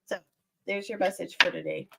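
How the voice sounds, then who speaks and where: A woman's voice: medium pitch, wildly swooping pitch, fairly quick, creaky, sharp tone, slightly rough, low-quality recording. A woman doing live-stream tarot readings, chatty and soothing, calling viewers "my dear" and "lovey". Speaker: tarot reader.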